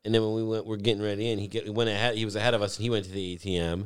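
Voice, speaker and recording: A man's voice: fairly low pitch, very fast, clean tone, no room sound, studio quality. A man in casual chat, telling a story animatedly, swearing often and acting out the people in it. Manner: animated storyteller, swears a lot, acts out voices.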